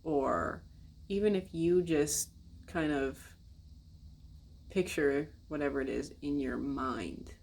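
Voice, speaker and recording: A woman's voice: low voice, takes it slowly, gravelly, pauses often, darkish tone. An American woman vlogging in casual, blunt, rambling talk, swearing and speaking straight to her viewers. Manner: blunt, rambling and profane, addresses viewers directly.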